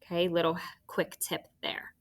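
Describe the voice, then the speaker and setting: A woman teacher giving a phonics spelling lesson, dictating words and slowly spelling out letters for young students. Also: on the low side, completely flat delivery, slight background noise.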